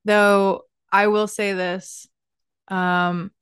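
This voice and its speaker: A woman hosting a casual podcast interview, relaxed and encouraging, laughing often. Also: medium pitch, extremely slow, clean tone, no echo, clean studio sound. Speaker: podcast host. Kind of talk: casual chat.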